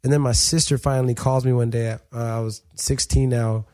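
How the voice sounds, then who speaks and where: Sex: man. Role: podcast guest, former boxer. Pitch: middle of the range. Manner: loose, profane, animated storytelling. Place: studio. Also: a little fast. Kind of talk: casual interview storytelling.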